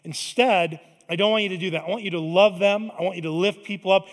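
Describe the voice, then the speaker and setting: Fairly high-voiced pastor preaching in a reverberant hall. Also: male voice, fast. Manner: conversational preaching, swings from loud emphatic to hushed. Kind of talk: sermon. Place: large church sanctuary.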